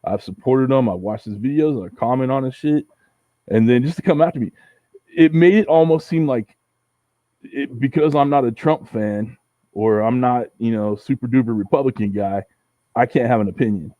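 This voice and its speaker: A man from Southern California chats as a livestream guest. He swears a lot and acts out quoted arguments with animated energy. His voice comes through muffled and dry. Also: mid-range voice, normal speed, no echo. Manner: profane, animated storytelling, acts out quoted exchanges. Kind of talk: casual livestream chat.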